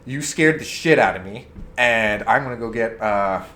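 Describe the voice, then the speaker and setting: A man co-hosting a casual talk show, telling a story with big swings between loud and quiet. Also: lowish voice, lively intonation, moderate pace. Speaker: co-host. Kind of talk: casual chat.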